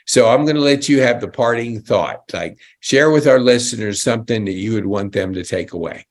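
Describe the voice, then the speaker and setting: A man with a lowish voice hosts a casual interview podcast, talking a little fast. He's chatty and enthusiastic, exclaiming often.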